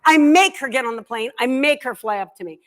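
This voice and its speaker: Animated, joking middle-aged woman telling stories. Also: high voice, brisk. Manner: animated, joking, self-deprecating. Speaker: guest author. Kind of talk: comic storytelling talk. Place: live library event.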